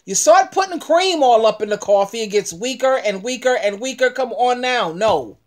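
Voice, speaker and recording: A woman's voice: a little high, expressive, normal speed. A middle-aged woman giving casual, emphatic commentary as a relationship advice vlogger, acting out sassy retorts. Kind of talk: casual commentary on a played clip.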